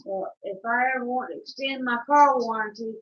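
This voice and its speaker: Bright Southern woman greeting viewers. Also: on the high side, brisk. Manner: reads out viewer names and teases the co-host. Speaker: livestream co-host. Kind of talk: casual livestream chat. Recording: dull lo-fi sound.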